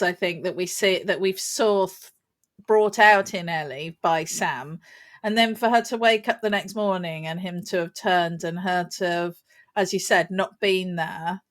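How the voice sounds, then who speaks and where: A woman's voice: medium pitch, a bit bright. Rambling woman, podcast co-host. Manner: emotional, rambling, with laughs and restarts. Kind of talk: casual chat.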